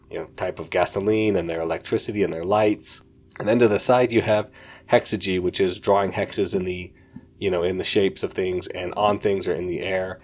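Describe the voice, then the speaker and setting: A man with a deep voice chats through a book review on his podcast. He is eager and rambling, often stopping to correct himself mid-sentence. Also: darkish tone. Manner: enthusiastic, rambling, self-correcting. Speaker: podcast host.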